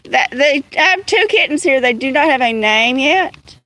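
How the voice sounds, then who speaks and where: A woman with a high voice chats casually on a livestream. She talks outdoors in the evening, holding a phone as she walks, and calls out to cats in an even higher coo. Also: normal speed. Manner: chatty, coos high at cats. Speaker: livestream host.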